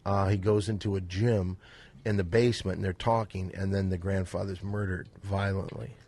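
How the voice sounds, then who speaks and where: A husky, gravelly man of middle pitch who runs the conversation. He is bossy and keeps pulling the others back on track in loose podcast banter. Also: fairly even intonation, moderate pace. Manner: bossy, steers the talk, shouts to cut others off. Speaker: podcast co-host. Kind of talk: casual comedic banter.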